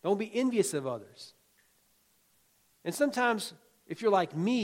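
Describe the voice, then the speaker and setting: A man preaching a sermon in a folksy, conversational way, with jokes and asides along the way. His voice sits a little higher than most men's, and he drives his points home with emphatic, rhythmic repetition. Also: expressive, moderate pace. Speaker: pastor.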